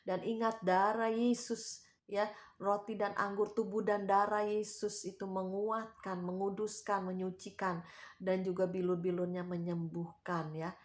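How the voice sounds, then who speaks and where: A woman's voice: medium pitch, little pitch movement, normal speed. Lady preaching to her viewers, coaxing and repetitive. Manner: warm exhorting, tags sentences with "ya". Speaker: channel host, preacher. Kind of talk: devotional exhortation.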